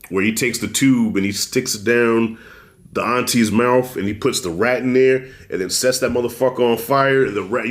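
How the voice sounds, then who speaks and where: A man co-hosting a casual horror movie review, blunt and profane, telling scenes with animated storytelling. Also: medium pitch. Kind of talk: casual spoiler discussion.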